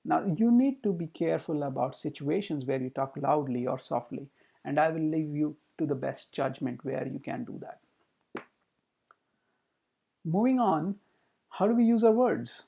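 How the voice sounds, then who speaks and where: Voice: animated, normal speed, vocal fry, husky. A communication trainer giving a recorded training talk, explaining with rhetorical questions. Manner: demonstrates pitch, pace and loudness with the voice.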